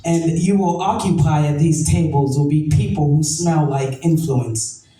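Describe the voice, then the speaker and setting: A woman's voice: low-pitched, measured pace, dark tone, recorded from a distance. A woman performing spoken word poetry with a rhythmic, emphatic delivery and repeated refrains. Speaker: poet. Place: event venue, roomy. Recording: echoey room from afar, faint noise.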